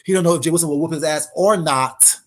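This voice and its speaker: A man's voice: fairly high pitch, quick pace, a bit bright. A man giving a brash, confrontational casual monologue as an online commentator.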